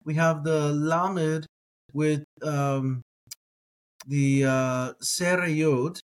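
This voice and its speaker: A man with a slightly high voice leads a slow reading lesson. He sounds out each word syllable by syllable, pauses often on ums and uhs, and corrects himself as he goes. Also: steady tone. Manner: hesitant, with frequent ums and uhs. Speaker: Hebrew teacher.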